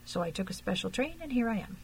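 A woman's voice: medium pitch, quick pace, gravelly, slight background noise, rough recording. Woman voicing Beck, a shrewd male detective. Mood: pleasant. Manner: pleasant, probing, steady. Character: shrewd stout male detective, placid and insinuating.

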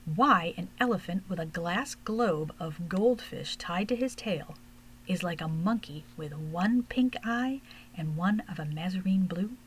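A woman's voice: on the low side, animated, measured pace, a little hiss or hum, poor audio. Huckleberry, a woman reading a chatty young gnome. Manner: eager, rambling storybook reading.

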